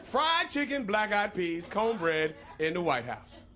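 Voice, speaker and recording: A man's voice: high voice, sing-song, unhurried, pushed and bright. A man doing a stand-up comedy set on a club stage, playful and punchy, drawing out his punchlines. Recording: live club crowd and noise.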